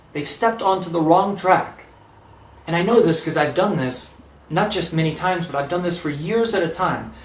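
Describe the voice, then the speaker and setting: Man, a bit high-voiced, telling a story with lively acted dialogue, echoey room. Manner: animated, acts out quoted dialogue. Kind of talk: personal storytelling.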